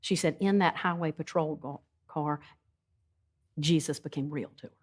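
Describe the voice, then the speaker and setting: A woman with a somewhat low voice earnestly retells a testimony at a women's Bible study. Her storytelling is unhurried and loose, dotted with ums and small restarts. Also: slightly rough. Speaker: guest speaker.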